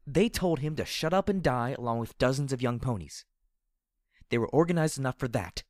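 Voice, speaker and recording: A man's voice: on the low side, moderate pace, no room sound, studio quality, lightly acted. A man voicing a wary young female unicorn wanderer who speaks bluntly and edgily in an audiobook reading.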